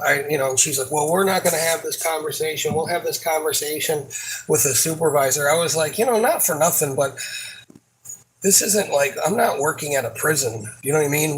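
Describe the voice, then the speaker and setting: Man, somewhat high-pitched voice, venting about work in a frustrated, rambling, profane monologue full of restarts. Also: a bit bright, slight background noise, poor audio. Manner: frustrated, rambling, swears a lot; halting, many fillers and restarts. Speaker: supermarket worker.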